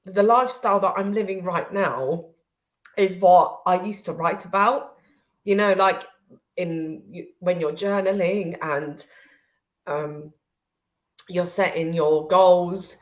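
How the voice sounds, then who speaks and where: On a podcast, a female business owner appears as a guest in casual conversation, speaking slowly in a lowish voice with fairly even intonation. She sounds tearful and hesitant, filling her speech with lots of "um" and "you know."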